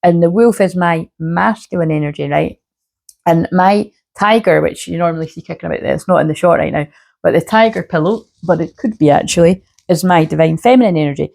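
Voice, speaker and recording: Gravelly-voiced woman, sore-throated. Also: on the low side, a little fast, a little mellow. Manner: rambling, chatty, swears freely, many "you know what I mean". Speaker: shamanic healer and spiritual reader. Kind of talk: casual spiritual reading monologue to camera.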